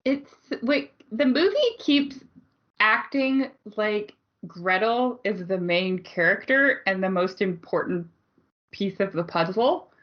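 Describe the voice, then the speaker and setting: A woman's voice: mid-range voice, slow, lo-fi sound. A woman co-hosting a podcast, recapping a movie in a casual, blunt way and laughing often. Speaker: podcast co-host.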